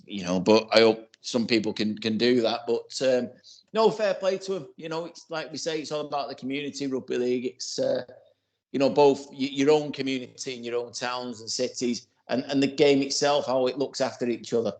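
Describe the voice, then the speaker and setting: A man's voice: mid-range voice, fairly even intonation, brisk, a little mellow. A man in his forties co-hosting a casual podcast, rambling and filling his talk with "you know" and restarts. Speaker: podcast co-host.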